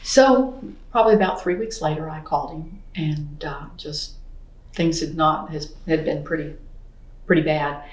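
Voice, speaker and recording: Middle-aged woman, lowish voice, earnest storyteller with many asides, roomy echo. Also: a little slow. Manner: earnest, many "I mean" asides, acts out quoted speech. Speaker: interview guest, painter. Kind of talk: personal storytelling in an interview.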